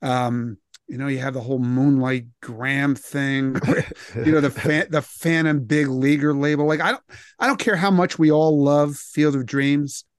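A man's voice: medium pitch, fairly even intonation, normal speed, no room sound, studio quality. A man hosting a casual talk-radio interview, playful and jokey, laughing often as he asks questions. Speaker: radio show host.

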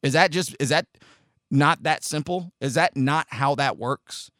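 A man's voice: on the high side, unhurried, fairly bright tone, no echo, clean studio sound. A man hosting a podcast, giving a rambling, self-deprecating and profane opinion monologue in a casual way. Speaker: podcast host.

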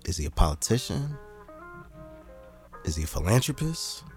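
Slangy, laid-back deep-voiced man. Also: normal speed, soft background music. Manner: slangy, animated, mocks others in a high squeaky voice. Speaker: podcast host. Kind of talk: casual podcast chat.

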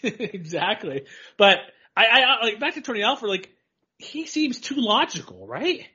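Man, casual sports podcast chat, animated, fairly high voice, dull lo-fi recording. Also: normal speed, breathy edge. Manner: animated, laughs often, rambling. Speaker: podcast co-host. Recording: dull lo-fi audio.

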